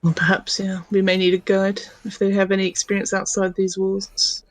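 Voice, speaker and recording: A woman's voice: medium pitch, completely flat delivery, moderate pace, no room sound. A woman playing a tabletop game, speaking in character in a dry, curt way. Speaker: player.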